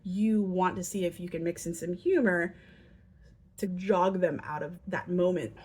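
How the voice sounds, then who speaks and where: Slight background noise accompanies a woman whose voice is on the low side and a little slow. As a parenting educator, she earnestly advises parents about children's behavior, acting out example lines in lively voices.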